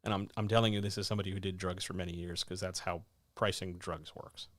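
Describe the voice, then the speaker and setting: A man's voice: quick pace, no echo, clean studio sound. A man hosting a writing advice livestream, answering viewer questions in blunt, sardonic, casual chat. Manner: blunt, sardonic, animated, with sudden jumps in pitch.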